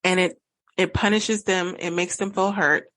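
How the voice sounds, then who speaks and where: A woman's voice: lowish voice, steady tone, unhurried, fairly bright tone, low-quality recording. A woman in her thirties hosting a solo podcast, talking earnestly and acting out both sides of a couple's argument. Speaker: podcast host and relationship coach.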